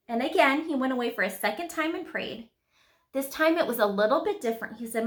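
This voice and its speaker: A woman's voice: sits high, expressive, brisk. A woman leading a children's Bible devotion in a casual, chatty way, reading verses and asking the kids questions. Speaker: children's ministry leader. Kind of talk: kids' devotional teaching.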